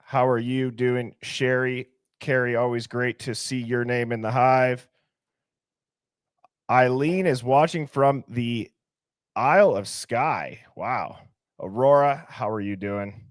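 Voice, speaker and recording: A man hosts a casual livestream, working through viewer comments and greeting each person warmly by name. His voice sits at an ordinary middle pitch. The sound is dry and close, with no room echo. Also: slow. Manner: upbeat, greets viewers one by one. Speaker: livestream host.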